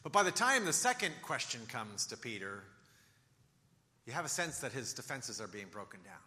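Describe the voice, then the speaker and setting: Bright-voiced male preacher in a reverberant hall. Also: normal speed, a little hiss or hum. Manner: animated storytelling, acting out quoted lines in soft low voices. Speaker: pastor. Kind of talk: sermon.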